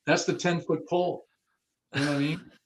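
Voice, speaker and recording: A man's voice: on the high side, fairly even intonation, brisk, slight background noise. A man being interviewed about the car audio industry, talking bluntly and casually with some cursing and acting out the people he quotes. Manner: blunt, profane, acts out quoted dialogue.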